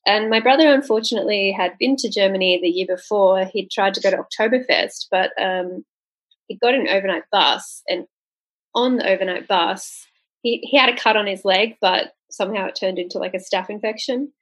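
A young woman with a husky, slightly breathy voice tells a story in relaxed conversation. Her pitch sits in a middle range, and she jumps up when she acts out what people said. The delivery is loose and chatty. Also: fairly quick, rough recording. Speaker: podcast co-host telling a story. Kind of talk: casual storytelling chat.

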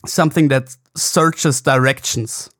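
A man's voice: mid-range voice, fairly even intonation, slow pace, a bit bright, dry recording, studio quality. A man co-hosting a podcast in English, with a hesitant, filler-heavy way of talking. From Germany. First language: German. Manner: hesitant, searching for words with many fillers. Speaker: podcast co-host. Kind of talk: casual chat.

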